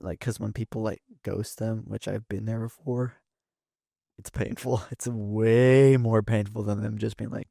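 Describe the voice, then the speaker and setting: Gravelly young man, relaxed and joking. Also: fairly low pitch, a little slow, no room sound, clean studio sound. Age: young adult. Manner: relaxed, joking, trailing fillers. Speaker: podcast guest, son. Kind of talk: casual father-son podcast chat.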